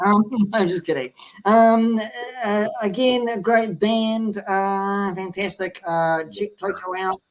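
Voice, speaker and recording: A man co-hosting a casual music chat, talking excitedly like a promo jingle with lots of fillers. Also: sits high, slow pace, low-quality recording. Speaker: music show co-host.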